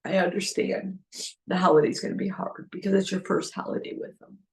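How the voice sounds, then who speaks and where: A woman's voice: mid-range voice, steady tone, brisk. A middle-aged woman hosting a heartfelt solo podcast, talking earnestly and pleading, repeating phrases for emphasis. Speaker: podcast host.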